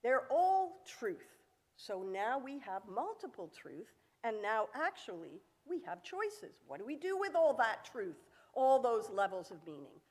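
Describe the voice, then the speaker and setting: A woman's voice: a little high, sing-song, a little slow, darkish tone. A woman giving a sermon in a synagogue sanctuary, telling a story with vivid acted-out quotes and rhetorical questions. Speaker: sermon speaker. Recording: echoey hall.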